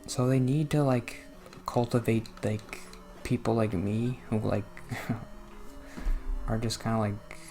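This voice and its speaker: A man's voice: lowish voice, steady tone, slow, long pauses, warm tone, faint music behind. A man from New Jersey talking casually while playing a video game, rambling and self-deprecating, groaning and laughing at the game. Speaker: gaming vlogger.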